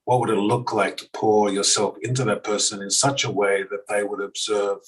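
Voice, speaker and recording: A man's voice: on the low side, level tone, moderate pace, distant mic, poor audio. A middle-aged man giving a storytelling church talk. He acts out the dialogue he retells and uses casual fillers like "like" and "right?". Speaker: guest speaker at a church. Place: church hall.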